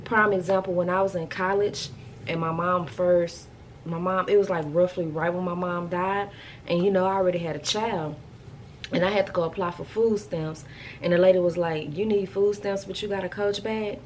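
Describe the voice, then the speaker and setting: Woman vlogger, casual storytelling, low pitch, faint background hum. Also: moderate pace. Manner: chatty, animated, colloquial storytelling.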